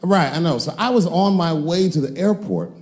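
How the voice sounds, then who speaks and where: A man in his forties doing stand-up comedy on a stage, animated, shouting punchlines and acting out voices. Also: on the high side, normal speed, reverberant. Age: 40s. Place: comedy stage before a live audience.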